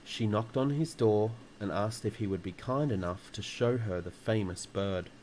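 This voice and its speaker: A man calmly reading a children's book aloud in a relaxing storytime. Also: lowish voice, moderate pace, slight background noise, rough recording. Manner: calm, relaxing delivery.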